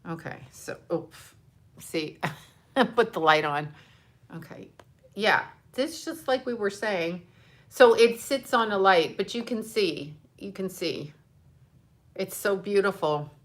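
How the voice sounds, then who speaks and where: A woman's voice: mid-range voice, lively intonation, slow, long pauses. An older woman, a grandmother, chatting casually and emotionally on a livestream, rambling and swearing now and then. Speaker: livestream host.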